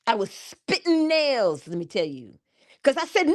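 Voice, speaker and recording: A woman's voice: fairly high pitch, sing-song, measured pace. A woman giving a morning inspirational talk, with preacherly calls and frequent laughter. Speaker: motivational speaker.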